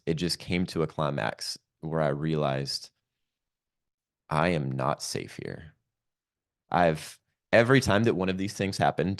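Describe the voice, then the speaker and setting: A man with an extremely low voice and a gravelly, fry-laden texture tells a personal story as a podcast guest. He talks in an earnest, reflective way, often pausing on ums and likes as he recounts what happened.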